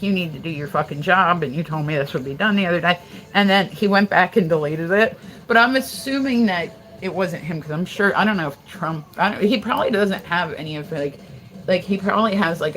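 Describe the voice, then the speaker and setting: A woman's voice: on the low side, poor audio. A woman from Delaware hosting a casual livestream, rambling and swearing as she talks. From Delaware, USA. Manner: profane, rambling, animated. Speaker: livestream host.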